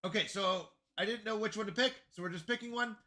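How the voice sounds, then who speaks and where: Bright-voiced man chatting on a game stream. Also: sits high, quick pace. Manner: flustered, apologetic, talks to chat, repeats himself. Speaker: livestreamer. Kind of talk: casual live gaming stream chat.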